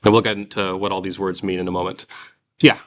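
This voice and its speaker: A man's voice: sits low, flat delivery, quick pace, a bit bright, a little hiss or hum. A man teaching a classroom lecture, drilling word endings aloud and checking in with his students. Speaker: Greek teacher.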